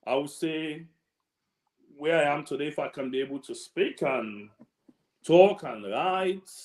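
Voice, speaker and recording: A man's voice: a little high, echoey room. Chatty Sierra Leonean man hosting. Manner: chatty, anecdotal, laughs often. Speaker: event host. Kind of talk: casual hosting on a video call.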